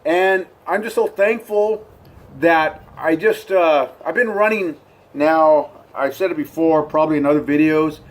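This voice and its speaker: A man's voice: fairly high pitch, measured pace. A middle-aged man vlogging casually from his front porch, rambling upbeat with lots of fillers and restarts. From United States. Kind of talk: casual rambling vlog to camera.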